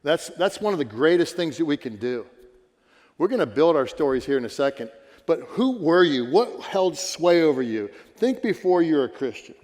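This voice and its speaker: A man's voice: on the high side, very animated, normal speed, darkish tone. A man preaching a sermon as a pastor in a church, earnest and conversational, asking his listeners questions. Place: church sanctuary. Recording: church hall reverb.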